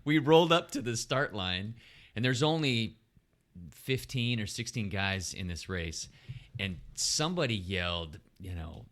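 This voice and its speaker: A man's voice: on the low side, expressive, unhurried, a bit bright. A man co-hosting a podcast in casual chat, laughing often as he tells stories. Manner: laughs often while telling race stories. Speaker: podcast co-host.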